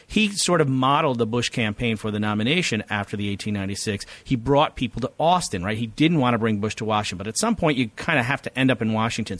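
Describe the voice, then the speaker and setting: Fast-talking man explaining politics. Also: fairly low pitch, a bit bright, no room sound. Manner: fast, lecturing, piles up long explanations. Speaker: author and political scientist guest. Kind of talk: podcast interview answer.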